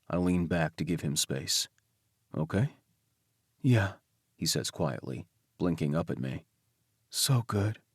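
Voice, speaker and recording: A man narrating a romance audiobook in first person, intimate and soft-spoken. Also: a bass voice, dry recording, studio quality.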